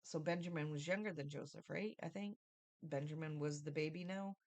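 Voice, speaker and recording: A woman's voice: deep voice, fairly quick, a little mellow. A woman giving a casual, rambling Bible study review, thinking aloud and often asking "right?".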